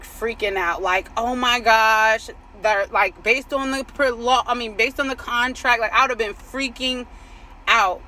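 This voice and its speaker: A woman's voice: a little high, sharp tone, a little hiss or hum, poor audio. A woman who coaches on faith, telling a personal story in a chatty way, full of "like" and "right?" and affirmations about trusting God. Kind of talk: casual faith talk. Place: outdoors. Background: passing vehicles.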